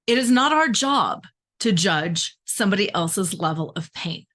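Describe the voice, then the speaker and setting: A woman's voice: mid-range voice, animated, a little slow, a bit bright. A middle-aged woman, a relationship coach, talking emphatically and conversationally to her viewers. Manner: emphatic, conversational, acts out quoted voices. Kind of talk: direct-to-camera coaching talk.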